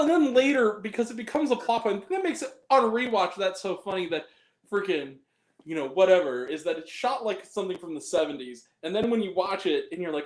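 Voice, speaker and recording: A high-pitched man talks about movies in a loose, excitable way and laughs often. His voice rings around an echoey room. He keeps acting out lines from comedies. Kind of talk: casual chat about movies.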